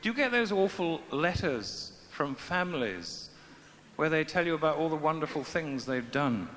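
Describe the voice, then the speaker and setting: A man's voice: fairly high pitch, very animated, normal speed, a bit bright, a little hiss or hum. A middle-aged man giving a dry, self-mocking comic talk to a live audience on a stage microphone. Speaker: comic speaker. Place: large festival venue with audience. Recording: echoey hall, faint ambience.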